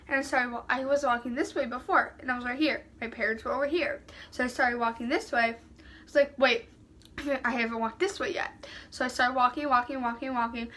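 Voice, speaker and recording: A young woman vlogger with a high, bright, ringing voice tells a casual storytime. She rambles and piles fillers into every sentence as the story tumbles out. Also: a little hiss or hum. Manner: rambling, filler-heavy retelling with many "like"s.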